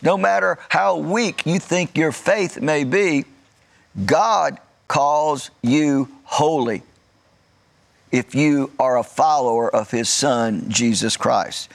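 A man preaching a sermon in a measured way, stretching out key words for emphasis and adding light joking asides. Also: fairly high pitch, lively intonation, creaky. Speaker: pastor.

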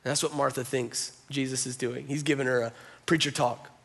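A man's voice: medium pitch, little pitch movement, a little fast, gravelly, a bit bright. A man preaching a sermon, talking conversationally and with strong emphasis, often acting out quotes. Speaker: pastor.

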